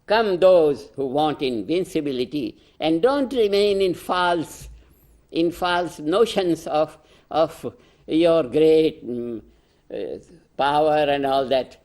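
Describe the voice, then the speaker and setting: An older man with an Indian accent, speaking as a spiritual teacher in a slow, emphatic address, repeating key phrases and laughing softly between points. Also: a little high, lively intonation. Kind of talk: proclamatory address.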